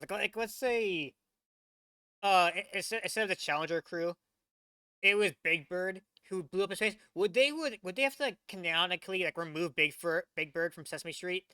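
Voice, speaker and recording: Brief: male reaction host, bright tense tone, dry close sound, rambling excitable chatter. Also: high voice, normal speed, smooth, no room sound. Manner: rambling, excitable, many restarts. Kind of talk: casual reaction commentary.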